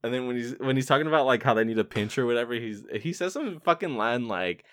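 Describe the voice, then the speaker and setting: A man's voice: mid-range voice, animated, quick pace, a bit bright, no echo. A young man co-hosting a casual movie podcast, laughing often and talking loosely with plenty of swearing. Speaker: podcast co-host.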